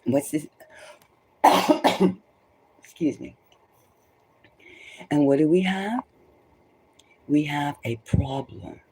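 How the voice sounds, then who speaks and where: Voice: mid-range voice, animated, extremely slow, long pauses, a little mellow, a little hiss or hum. A tarot reader giving rambling spoken commentary, emphatic and loose, often repeating phrases for stress. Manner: loose and conversational, many restarts.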